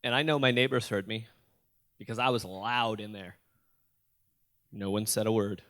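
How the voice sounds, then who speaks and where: Animated man telling a story onstage. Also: on the low side, moderate pace. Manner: animated, addresses the audience with questions and jokes. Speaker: motivational youth speaker. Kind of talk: storytelling keynote speech. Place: school auditorium.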